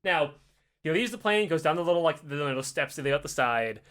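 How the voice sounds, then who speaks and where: A man's voice: a little high, lively intonation, a little fast, fairly bright tone. A man casually telling a comic story, swearing often and acting out the voices with laughs. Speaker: podcast host telling a story.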